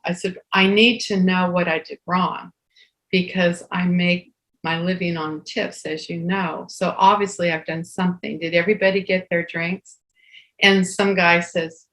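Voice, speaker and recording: A woman in her sixties co-hosts a casual talk, telling a personal story and animatedly acting out the quoted dialogue. Her voice is lowish and her speed normal, and the recording has a roomy echo.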